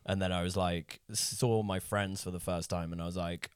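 A man, a guest comedian, telling a rambling story in a casual podcast chat, animated and laughing often, swearing freely. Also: low-pitched, moderate pace, smooth, no room sound, studio quality.

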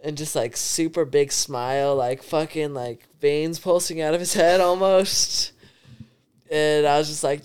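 A man's voice: on the high side, fairly even intonation, measured pace, darkish tone, clear, resonant tone. A young man in his twenties, a podcast guest telling a rambling story full of swearing and laughter. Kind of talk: casual storytelling.

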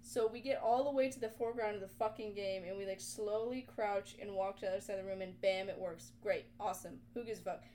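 A young woman co-hosting a podcast, retelling a video game in casual, animated chat full of swearing. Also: medium pitch, fast, few pauses, a little hiss or hum. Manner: animated, profane storytelling. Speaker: podcast co-host.

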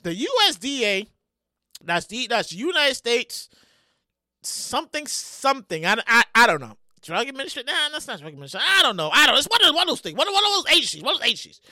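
A woman around forty hosting a podcast with animated solo commentary, loud and excitable, often yelling and swearing. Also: a little high, fast, dry recording, studio quality. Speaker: podcast host.

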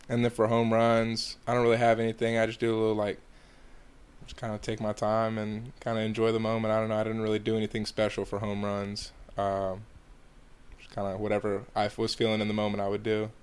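A young man from Georgia answering interview questions in a relaxed, halting way with lots of fillers. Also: lowish voice, clean tone. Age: young adult. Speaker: college baseball player, guest.

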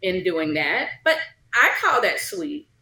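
A woman co-hosting a casual chat over drinks, agreeable and lively. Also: on the low side, slow pace. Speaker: co-host. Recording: echoey room.

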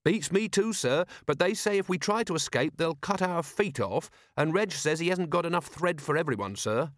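A man's voice: on the high side, animated, normal speed, no echo, voice pushed up, natural voice. A man playing an eager, dutiful young watch captain, earnest and polite to a fault. His voice is lifted a little above the narrator's own. The recording is dry and close. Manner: eager, dutiful, keeps adding "sir". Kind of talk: audiobook character voice.

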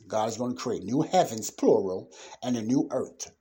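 A man teaches the Bible in a loose, conversational sermon. His voice is husky and mid-pitched. He reads verses aloud, then explains them with emphatic bursts. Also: expressive, moderate pace, warm tone. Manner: emphatic bursts and sudden exclamations. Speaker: preacher.

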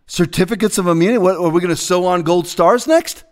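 A man preaching as a pastor delivers a fiery, confrontational rant, swinging between shouting and hushed asides. His voice sits high and moves fast.

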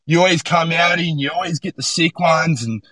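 A man putting on a hostile local surfer, pitched well above his own voice and spat out in a sharp, tense tone. He sounds territorial and abusive, and the sound is dry and close. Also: normal speed, no echo. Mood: angry. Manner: shouting, abusive.

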